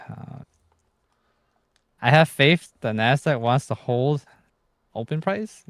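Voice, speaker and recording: A man's voice: mid-range voice, expressive, takes it slowly, pauses often, fairly bright tone, dry recording, clean studio sound. A man hosting a casual trading livestream, joking and humming to himself between comments on the market. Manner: joking, mumbled asides and hums. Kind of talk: casual chat over live trades.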